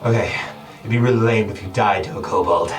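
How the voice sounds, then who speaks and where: A man's voice: fairly low pitch, brisk, reverberant, close to an everyday voice. A man voicing a nervous young male warrior who makes jokes under his breath in a tabletop game. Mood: wry. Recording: distant mic with background music.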